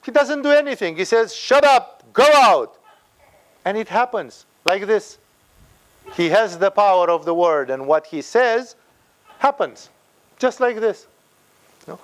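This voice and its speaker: High-voiced man teaching. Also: expressive, unhurried, pauses often. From Romania. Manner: emphatic, acts out quoted people. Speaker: spiritual teacher. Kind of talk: spiritual talk.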